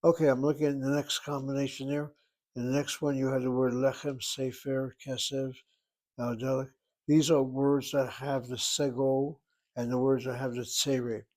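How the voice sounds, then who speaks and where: Man, teacher, informal class lesson, middle pitch, explains step by step, thinks aloud. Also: flat delivery, moderate pace, a little mellow, rough recording. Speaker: Hebrew teacher.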